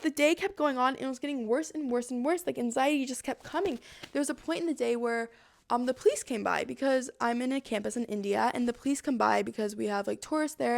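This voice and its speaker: A young woman, a podcast host, telling a personal story and acting out her own inner voice with animation. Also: high voice.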